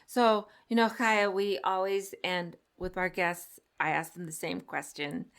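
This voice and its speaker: A woman's voice: fairly low pitch, fairly even intonation, unhurried, fairly bright tone, clear, resonant tone. A woman hosting a parenting podcast, asking her guest questions in an affirming, conversational way. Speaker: podcast host. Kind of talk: conversational interview.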